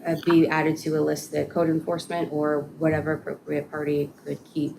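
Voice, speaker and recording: A city staff woman explains an ordinance to a committee, her voice sitting very low. She talks haltingly with frequent fillers and restarts. A steady room hum runs clearly behind her. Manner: hesitant, many fillers and restarts. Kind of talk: committee meeting briefing.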